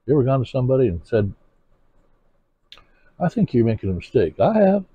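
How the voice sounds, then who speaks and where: A man's voice: mid-range voice, big pitch swings, brisk, slightly rough, dry recording. A man preaching a sermon to his congregation, earnest and asking them pointed questions. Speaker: pastor. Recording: tinny phone-like sermon recording.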